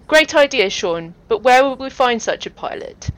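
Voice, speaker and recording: A woman's voice: high voice, expressive, normal speed. A woman voicing a sardonic, stern female station boss. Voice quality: dry and cutting.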